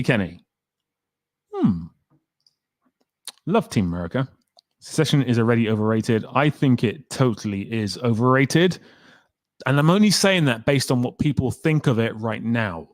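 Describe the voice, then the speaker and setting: A man's voice: medium pitch, big pitch swings, moderate pace, pauses often, no echo. Chatty man hosting a livestream. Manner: chatty, rambling, reads comments aloud. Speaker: livestream host. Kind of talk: casual livestream chat.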